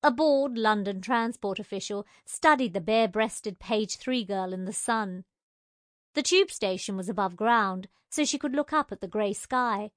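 A woman narrating a novel in a measured, wry storytelling manner. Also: medium pitch, dry recording, studio quality. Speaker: audiobook narrator. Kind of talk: scripted narration.

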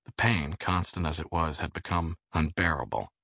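Audiobook narrator, man, very low gravelly voice, dry close sound. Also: no room sound. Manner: measured, expressive reading.

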